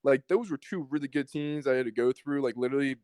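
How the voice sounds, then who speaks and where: Young dude co-host, casual sports rant, swears a lot, middle pitch. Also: male voice, fast, darkish tone, clean tone, no echo, rough recording. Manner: rambling, swears, mimics others. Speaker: podcast co-host. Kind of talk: casual chat.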